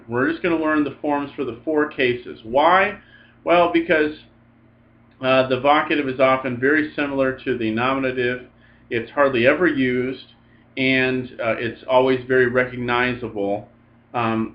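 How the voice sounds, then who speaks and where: Man drilling Greek endings, dull recording. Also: mid-range voice. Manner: patient, drills forms aloud in lists. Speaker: Greek teacher. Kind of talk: recorded grammar lecture.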